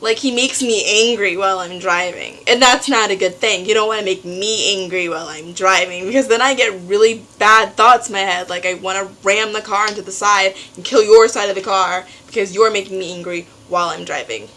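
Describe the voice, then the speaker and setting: A teenage girl vlogging at home, telling a story in an animated way and acting out what others said. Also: medium pitch, brisk, few pauses, low-quality recording. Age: teens. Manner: animated storytelling, acts out quotes. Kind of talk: casual venting vlog.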